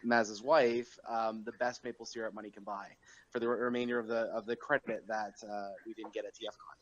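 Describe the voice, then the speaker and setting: A man's voice: fairly low pitch, level tone, fairly quick, fairly bright tone, dull audio. A young man hosting a podcast, chatting casually and rambling with lots of fillers and chuckles. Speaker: podcast host.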